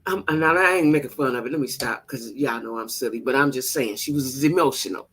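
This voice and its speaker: A woman's voice: extremely low pitch, fairly quick, fairly bright tone, slightly rough. A woman hosting a gossip show, chatting casually and directly to her viewers, repeating phrases for emphasis. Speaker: host of a gossip channel.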